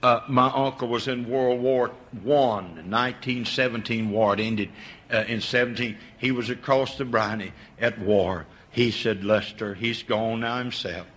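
Older preacher guy, bright forceful voice, goes quiet then cries out high, stammers and repeats. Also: steady tone, measured pace. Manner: swings from low hush to high impassioned cries; repeats words and stammers on restarts. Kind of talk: sermon.

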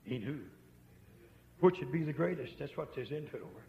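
A man preaching a revival sermon, swinging from hushed murmurs to shouts. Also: on the high side, lively intonation, fairly quick, gravelly. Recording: dull lo-fi tape with long reverb.

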